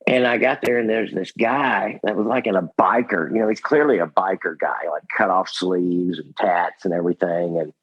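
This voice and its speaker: Animated sixty-something man telling stories. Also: low-pitched, moderate pace, few pauses, dry recording, highs cut off. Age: 60s. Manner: animated, laughing storyteller. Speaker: guest puppeteer. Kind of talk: casual storytelling.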